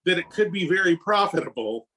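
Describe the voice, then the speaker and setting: A man's voice: high-pitched, expressive, brisk, sharp tone, slight background noise. A man playing a tabletop game, joking in a wry, scheming way. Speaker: player.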